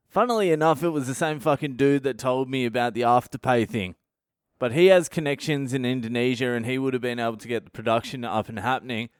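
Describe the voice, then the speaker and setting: A man's voice: mid-range voice, fairly even intonation, fairly quick, smooth, no echo, clean studio sound. Profane, ranting Australian man. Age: middle-aged. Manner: profane, ranting, self-mocking. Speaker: comedian podcast host. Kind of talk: comic storytelling monologue.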